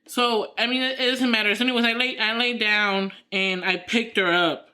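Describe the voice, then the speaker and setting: A woman's voice: on the high side, fairly even intonation, moderate pace, bright, forceful tone. A woman co-hosting a podcast in casual chat, rambling through her story with lots of fillers and restarts. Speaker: podcast co-host.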